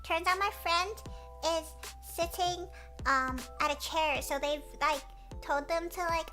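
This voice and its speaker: Very high, bright-voiced woman streamer. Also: measured pace, soft background music. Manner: giggly, animated storytelling, squeals when excited. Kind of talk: casual chat.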